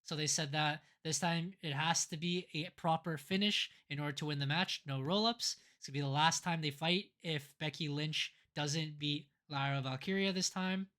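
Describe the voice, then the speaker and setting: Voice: medium pitch, moderate pace, few pauses, a bit bright. A podcast co-host recapping wrestling events in a casual, rambling way, with frequent fillers and restarts.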